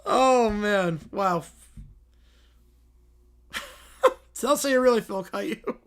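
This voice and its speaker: A man's voice: high-pitched, slow pace, a bit bright. Amused male livestream host. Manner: amused, laughing asides. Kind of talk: casual livestream commentary.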